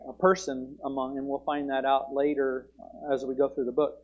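A man preaching a sermon, moving between relaxed Bible teaching and loud proclaiming. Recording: muffled low-fidelity sound.

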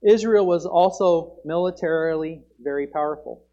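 A man preaching a sermon, moving between relaxed Bible teaching and loud proclaiming. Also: moderate pace. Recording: muffled low-fidelity sound.

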